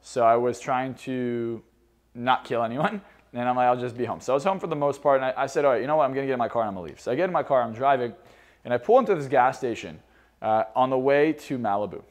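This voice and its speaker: A man's voice: medium pitch, fast talker. Candid man telling a personal story. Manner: candid, storytelling, frequent fillers and restarts. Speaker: motivational speaker. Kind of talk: personal story, casual monologue.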